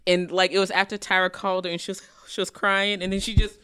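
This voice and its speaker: A woman's voice: medium pitch, flat delivery, quick pace, sharp tone, clean tone, dry recording. A woman co-hosting a podcast, chatting expressively and laughing often. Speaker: podcast co-host. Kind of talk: casual podcast chat.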